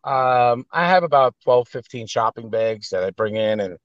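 An actor and private chef, here as a guest, swears freely and speaks bluntly while telling lively, casual stories in his New York accent. His mid-range voice moves at a normal pace, with no echo and the highs cut off.

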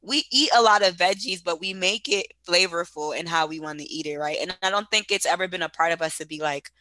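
Chatty woman with a bright voice. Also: on the low side, a little fast, no room sound. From West Africa. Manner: chatty, laughs often, addresses listeners as y'all. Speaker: guest. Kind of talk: casual conversation.

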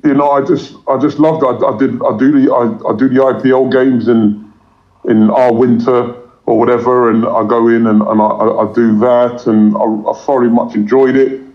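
A man talks in a casual interview, his voice level and steady with little rise or fall. He rambles, stumbling over repeated words and fillers. The recording sounds dull and lo-fi. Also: medium pitch, moderate pace. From England. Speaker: cricket commentator guest.

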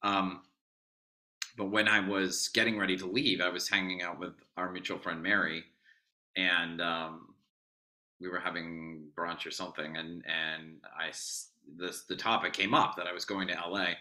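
Bright, upbeat man hosting a podcast. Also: low voice, flat delivery, normal speed. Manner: enthusiastic, storytelling, laughs easily. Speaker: podcast host. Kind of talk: casual podcast chat.

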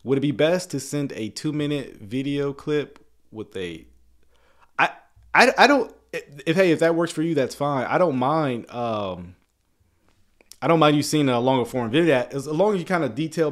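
Man, thirties, livestream host; easygoing, rambling chat with stammered restarts, mid pitch. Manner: easygoing, laughs often. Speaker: YouTube channel host.

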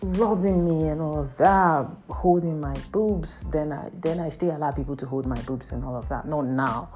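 Low-voiced woman telling a story. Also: normal speed, soft background music. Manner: animated, raises pitch sharply for quoted voices, heavy "like" and "man". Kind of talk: casual storytime monologue.

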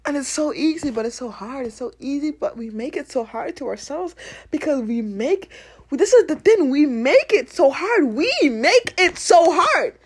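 A woman's voice: sits high, expressive, normal speed. A woman hosting her own podcast, giving a blunt, profane motivational rant with bursts of laughter. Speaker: podcast host.

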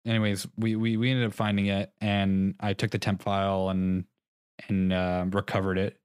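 A man's voice: sits low, flat delivery, moderate pace, smooth, no echo, studio quality. A young man co-hosting a podcast in casual chat, rambling through a story, restarting his sentences and laughing at himself. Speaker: podcast co-host.

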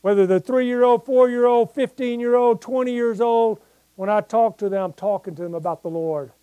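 A man's voice: extremely high pitch, moderate pace, dark tone, clear, resonant tone, no room sound. An older man preaching a sermon as pastor, talking plainly with his congregation and rising into emphatic scripture reading.

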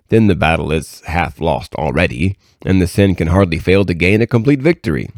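A man reading aloud from a devotional book in a measured, earnest way. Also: low voice, gravelly, darkish tone, no echo, studio quality. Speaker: reader.

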